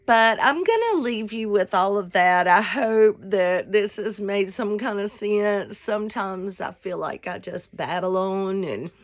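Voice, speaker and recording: Female vlog host, 60s, unhurried pace, a bit of vocal fry, heartfelt and wandering devotional talk. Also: medium pitch, lively intonation. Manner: rambling, heartfelt, with fillers.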